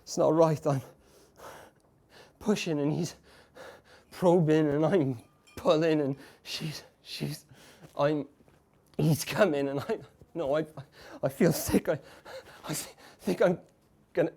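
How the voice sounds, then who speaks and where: Actor as a halting, broken husband in a live stage monologue, a bit higher-pitched than most men, drops to murmurs, bursts into shouts. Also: male voice, creaky, exaggerated voice. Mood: haunted. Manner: halting, stammering, repeating broken phrases; swings between hushed murmurs and shouts. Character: tormented man who caught his wife cheating. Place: café bar stage before a live audience.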